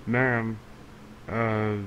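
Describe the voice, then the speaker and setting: A man playing a patient tech support agent, answering a prank call in a slow, deadpan way. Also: fairly low pitch, lo-fi sound, a little hiss or hum.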